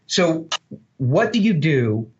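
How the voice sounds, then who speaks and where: A man talking as a podcast guest, telling blunt, animated stories and swearing freely. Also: a little high, takes it slowly, muffled recording, slight background noise. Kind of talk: storytelling interview talk.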